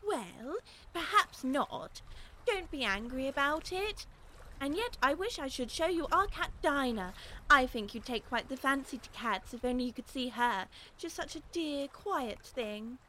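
A bright, high young girl who chatters eagerly and keeps apologizing. Her voice has a lively, clear edge and rushes from one thought to the next, as in a storybook reading. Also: slight background noise, full character voice, rough recording. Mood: chatty.

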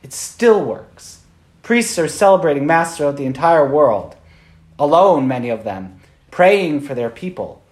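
A man's voice: on the high side, expressive, a little slow, roomy sound. A man, a Catholic priest, giving an informal Sunday homily in a conversational way, often checking in with "right?".

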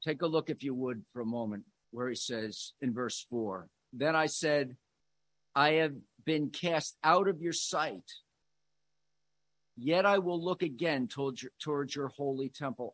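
A male preacher delivering a sermon with a slightly raised pitch. He drops into quiet, searching asides, then rises into loud, emphatic lines. The recording is dry and close, with no room sound. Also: unhurried, dry recording. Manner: dynamic, swings between soft musing and loud emphatic lines.

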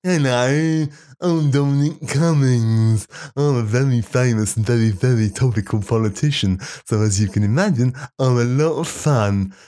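A man's voice: medium pitch, normal speed, dark tone, natural voice. A man doing a comic impression of a smug, self-important politician, reading out a childhood diary in a pompous, mock-earnest way. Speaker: comedy podcast host.

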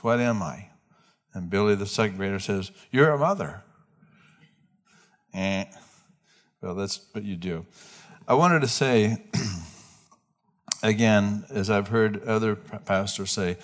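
A man's voice: lowish voice, a little slow. Male pastor preaching a conversational sermon. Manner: conversational preaching with frequent restarts and questions to the congregation. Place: church.

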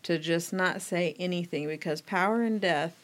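A woman's voice: fairly low pitch, moderate pace. Reflective woman co-hosting a faith podcast. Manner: reflective, confessional. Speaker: podcast co-host. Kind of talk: casual faith podcast chat.

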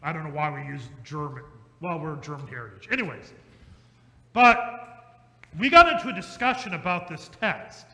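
A male pastor preaching an emphatic, repetitive sermon that slows down for stress and speeds up in asides. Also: a little high, sing-song, bright, forceful tone. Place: church sanctuary. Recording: echoey church hall.

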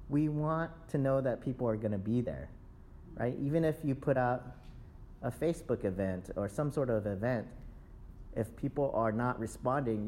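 A man's voice: mid-range voice, a little hiss or hum. A man preaching in a casual, conversational way, acting out excuses and checking in with "right?" as he goes. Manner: lively, acts out excuses in quick asides. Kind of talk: conversational sermon.

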